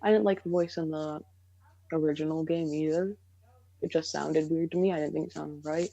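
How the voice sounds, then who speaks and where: A woman's voice: low-pitched, fairly even intonation, normal speed, gravelly, mellow, rough recording. A young woman co-hosting a podcast in casual chat, rambling and hesitant with lots of fillers. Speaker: podcast co-host.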